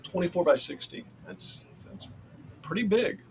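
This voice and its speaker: A man's voice: high-pitched, lively intonation, measured pace, creaky, a little hiss or hum. A man chatting on a casual podcast, hesitant and often repeating his words.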